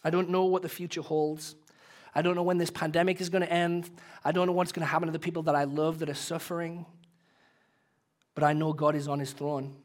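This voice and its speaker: A man's voice: on the high side, level tone, brisk. Earnest emotional male pastor. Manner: earnest, emotional, swells louder then drops soft. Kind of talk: sermon and closing prayer.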